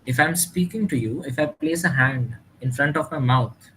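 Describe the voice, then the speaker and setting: A man's voice: on the high side, normal speed, slight background noise, low-quality recording. A man teaching a classroom lesson, mixing with Hindi and quizzing students. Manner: animated, mixes English with Hindi, asks students questions. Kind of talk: classroom lecture.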